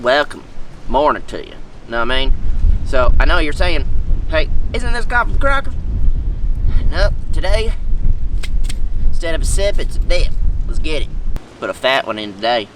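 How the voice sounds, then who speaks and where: A man's voice: a little high, big pitch swings, normal speed, pauses often, noisy background. Guy putting on a redneck, mouth full of dip, rambling and sore about it, sounds a bit far off the mic. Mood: aggrieved rambling. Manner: rambling, folksy, loses his thread. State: speaking with tobacco dip in his mouth. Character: brash rambling redneck man, aggrieved. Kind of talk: comedic character monologue.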